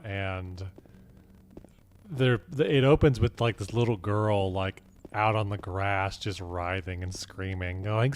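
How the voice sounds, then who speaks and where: Casting: young male streamer, lowish voice, loose rambling play-by-play over faint game sounds. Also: a little hiss or hum. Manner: rambling, many fillers and restarts. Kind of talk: casual gaming commentary.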